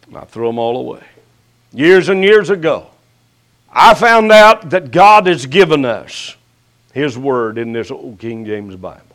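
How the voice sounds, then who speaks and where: Slow-preaching older male pastor. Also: mid-range voice, big pitch swings. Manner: slow preaching with sharp rises and hushed drops; folksy, teasing jabs at listeners. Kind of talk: sermon.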